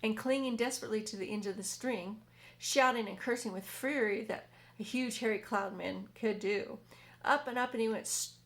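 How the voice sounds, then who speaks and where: A woman reading a children's book aloud in a community hall, steady with small slips and self-corrections. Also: on the high side, normal speed. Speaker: reader.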